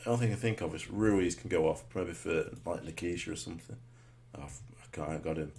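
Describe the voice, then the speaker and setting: Deep-voiced and quick, a man provides running commentary on the football game he's playing. Rhetorical mutterings are punctuated by abrupt, thrilled shouts.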